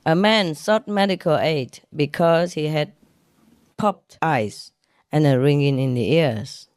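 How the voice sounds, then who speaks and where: A woman telling jokes in a casual way. She laughs often at her own jokes, explains the punchlines, and pauses with hesitant fillers. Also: sits low, a little mellow, clean tone, no echo, studio quality.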